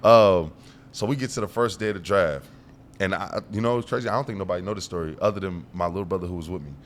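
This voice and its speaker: A young man telling stories as a guest in a casual interview, animated and acting out the dialogue as he goes. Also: deep voice, fast talker, slight background noise. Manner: animated storyteller who acts out quoted dialogue. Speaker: guest, pro football player.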